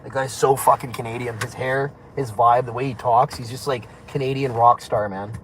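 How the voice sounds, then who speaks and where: A man with a mid-range, fairly bright voice speaks at normal speed in a steady tone while livestreaming from a phone on city streets. He rambles, laughs frequently and swears casually over faint street noise.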